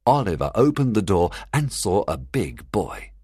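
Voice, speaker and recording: A man narrating a simplified classic novel for learners in a clear, deliberate way. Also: fairly low pitch, very animated, mellow, no room sound, studio quality. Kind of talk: graded reader audiobook narration.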